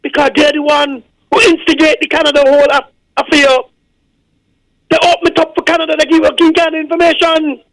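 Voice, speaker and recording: A man's voice: extremely high pitch, flat delivery, fairly quick, fairly bright tone, dry recording. Indignant Kittitian man on a phone line. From Saint Kitts and Nevis. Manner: indignant, insistent, repeats points. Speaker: caller. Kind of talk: call-in radio rant.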